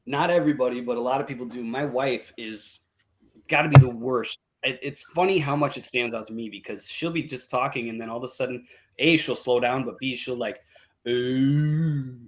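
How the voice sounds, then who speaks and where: A man with a Wisconsin accent talking in a relaxed, easygoing manner on a casual podcast. His voice sits at an ordinary male pitch, and his speech is loose and peppered with fillers. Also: normal speed. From Wisconsin, USA. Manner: laid-back, easygoing, filler-heavy. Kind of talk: casual chat.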